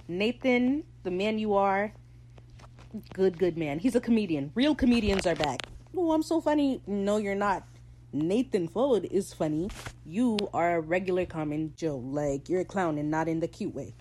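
A woman hosting a podcast, recapping a TV episode in casual, opinionated talk and slipping into quick character voices. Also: fairly low pitch, a little mellow, a little hiss or hum, rough recording. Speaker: podcast host.

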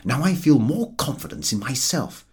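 A man's voice: mid-range voice, big pitch swings, normal speed, darkish tone, slightly rough, voice pushed up. A man reading the part of a cheerful, overconfident man explaining where they are, in a self-assured manner. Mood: confident.

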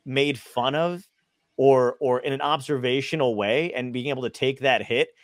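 A man's voice: mid-range voice, moderate pace, no echo, clean studio sound. A man co-hosting a podcast in casual chat, swearing freely and laughing often, talking from home over a video call. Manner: profane, animated, laughing often. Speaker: podcast co-host.

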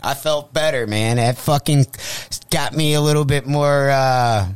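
In a radio studio, a young adult man who is a comedian guest tells a story in casual chat, swearing freely and animatedly acting out what the people in it said. His medium-pitched voice is smooth and unhurried, and the recording is dry.

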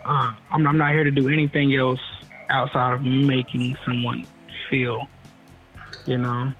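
A man's voice: mid-range voice, flat delivery, unhurried, highs cut off, faint music behind. Laid-back, blunt male podcast guest. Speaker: guest photographer. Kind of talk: casual interview.

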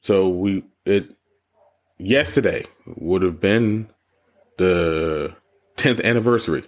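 A man co-hosting a podcast in casual chat, telling stories with lots of profanity and jumping high when he mocks people. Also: slow pace. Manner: animated storytelling, profane, jumps high when mocking. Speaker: podcast co-host.

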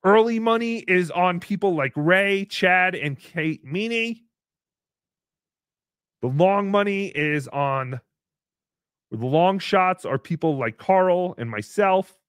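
A man's voice: sits high, lively intonation, slow pace, a bit bright, smooth, dry recording, studio quality, full character voice. A man voicing a brash, foul-mouthed puppet who hosts a live-stream show, reading paid messages with crude, sarcastic asides. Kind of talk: live-stream character chat.

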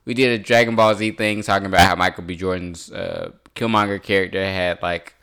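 A young man with a smooth, resonant voice talks casually on a podcast. He is laid-back and joking, and swears freely. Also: low voice, steady tone, fairly quick, fairly bright tone. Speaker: podcast co-host. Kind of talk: casual chat.

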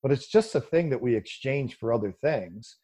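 A man with a mellow, darker tone, speaking at a middling pitch. He answers an interview question at length in a relaxed conversational way, with many ums and restarts, and turns animated when he mocks opposing views. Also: normal speed, husky. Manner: animated, mocking quoted voices with a raised pitch, many fillers. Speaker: guest explaining economics.

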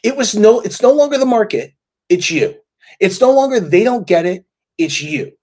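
A middle-aged man telling his career story in a motivational speech, animated and often stumbling over repeated words. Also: high-pitched, moderate pace. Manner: animated, acts out quoted voices, repeats words when emotional.

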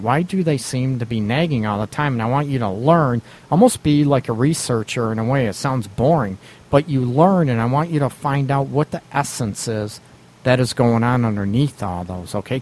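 A man hosting a radio advice show, talking bluntly and casually, swearing lightly, laughing often and acting out quoted lines. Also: mid-range voice. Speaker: radio show host giving relationship advice.

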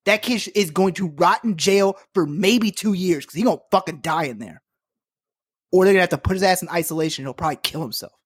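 Husky woman ranting angrily. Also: fairly low pitch, fast talker. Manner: angry, profane, emotional rant. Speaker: podcast co-host. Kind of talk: heated casual chat.

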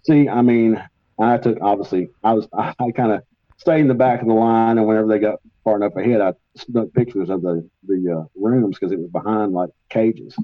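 A man telling travel stories as a guest paranormal investigator, rambling and animated, with many fillers. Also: fairly low pitch, brisk, no echo, narrow, tinny audio. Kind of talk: casual storytelling in a podcast interview.

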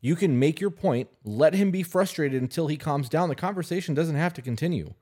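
A man's voice: a little high, lively intonation, a little fast, warm tone. Blunt swearing man giving advice. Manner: blunt, swears freely, emphatic. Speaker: podcast co-host giving advice. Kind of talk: casual advice chat.

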